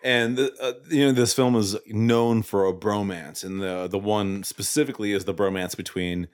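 A man co-hosting a casual movie podcast, swearing a lot and getting excited as he recaps scenes. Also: lowish voice, normal speed, smooth. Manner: profane, excitable, quotes scenes in raised voices. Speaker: podcast co-host.

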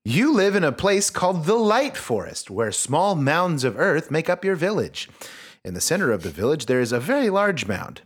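A man hosting a comedic book-reading podcast with a lively, swinging delivery. He jokes freely and lets his asides drop into quiet mumbles. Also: fairly high pitch, moderate pace, husky. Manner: animated, joking, drops to mumbled asides. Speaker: podcast host.

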